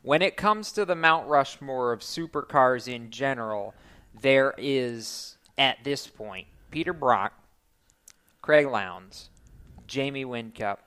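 A man's voice: medium pitch, lively intonation, slow, sharp tone, clean tone. A man hosting a casual motorsports talk show, chatty and enthusiastic. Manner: enthusiastic and chatty, emphatic on key points. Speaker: podcast host.

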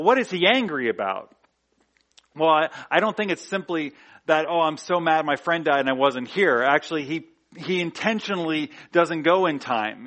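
Male pastor, relaxed conversational preaching, lots of "like" and restarts, a touch higher-pitched. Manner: conversational, frequent "like" fillers and restarts, rhetorical questions. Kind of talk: sermon.

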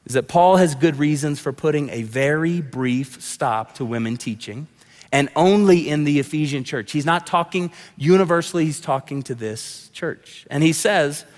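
A man delivers a sermon in a conversational style, full of restarts and side remarks. His voice sits fairly high for a man. A long reverb from a large sanctuary hangs behind every phrase. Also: normal speed. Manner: conversational preaching, many restarts and asides. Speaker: pastor.

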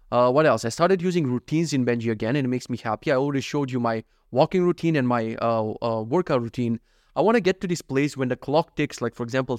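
Man, 30s, solo podcast host at home desk mic, rambly, self-mocking, swears a lot, mid-pitched, dry close sound. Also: no room sound. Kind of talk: casual solo podcast monologue.

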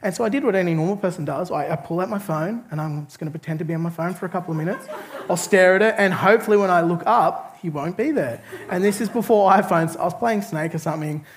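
High-voiced pastor, animated storyteller. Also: male voice, fast, slight background noise. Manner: animated, chatty storytelling with laughs. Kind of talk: storytelling sermon.

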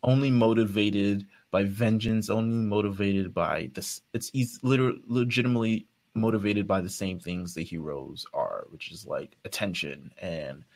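Low-voiced man rambling in podcast chat. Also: normal speed, few pauses, darkish tone. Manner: rambling, laughs often, swears. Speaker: podcast co-host. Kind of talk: casual chat.

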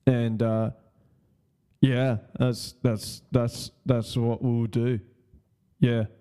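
A man's voice: mid-range voice, level tone, extremely slow, mellow, clear, resonant tone. A man hosting a casual solo podcast, rambling, swearing and repeating his words. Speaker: podcast host.

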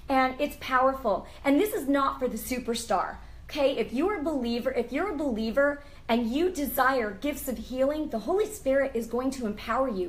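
A woman's voice: high-pitched, poor audio. A woman hosting a Christian interview show, fervent and emotional, urging viewers to cry out to God and praying aloud. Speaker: host.

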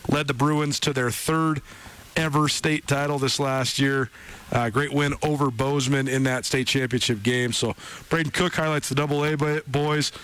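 Man, sports radio host, mid-pitched voice, conversational, fillers and restarts. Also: fairly even intonation, moderate pace, fairly bright tone, smooth, poor audio.

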